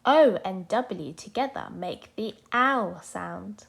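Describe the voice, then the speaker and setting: A woman teaching a children's phonics lesson, sounding out letters and animal names slowly and clearly for young learners. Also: medium pitch, expressive.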